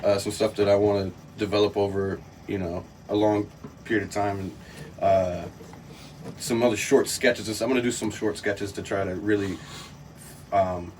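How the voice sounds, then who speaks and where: A man with a fairly low voice chats loosely as a podcast guest, leaning on ums and uhs as he goes. He sounds set back from the mic, and steady noise hangs behind him. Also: moderate pace. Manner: relaxed, rambling with many fillers and laughs. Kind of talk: casual chat. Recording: distant mic with clear background noise.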